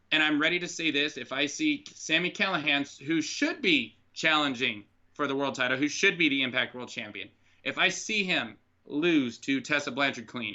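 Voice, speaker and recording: A man rants on a podcast, his voice piercingly bright and swearing freely in exasperation. He sounds like he is on a dull, lo-fi call line. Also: mid-range voice. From United States. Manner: frustrated, profane ranting. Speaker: podcast co-host. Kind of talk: casual podcast chat. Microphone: online call mic.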